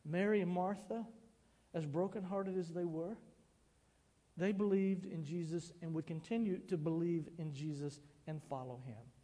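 High-voiced preacher in a reverberant hall. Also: male voice, normal speed. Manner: expressive preaching, acts out quoted lines. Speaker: pastor. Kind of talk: sermon.

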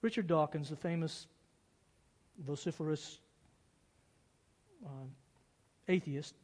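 A man preaching a sermon as pastor, earnest, swinging from loud pleas to hushed, quiet passages. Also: on the high side, takes it slowly. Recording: long hall reverb.

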